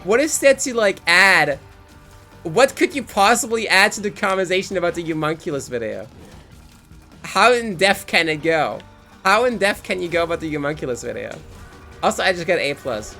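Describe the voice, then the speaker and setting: A young man in his twenties streams a game and rambles in an incredulous, profane way. His voice is high and bright, with faint game music behind him. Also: animated, normal speed, gravelly. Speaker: live streamer. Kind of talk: casual game-stream commentary.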